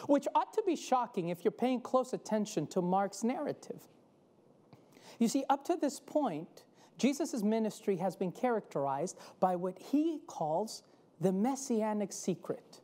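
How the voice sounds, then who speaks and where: A woman preacher delivering a sermon, telling a story with dramatic pauses. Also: medium pitch, big pitch swings, dark tone.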